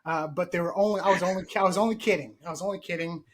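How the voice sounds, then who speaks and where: A man's voice: high voice, rapid-fire, fairly bright tone. A man hosting a casual gardening podcast, joking and mock-formal. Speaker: podcast host.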